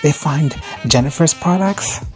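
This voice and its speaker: A man giving a casual, profane, rambling recap of a show, now and then jumping into high-pitched voices to quote characters. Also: measured pace, a little mellow, soft background music. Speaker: recap vlogger.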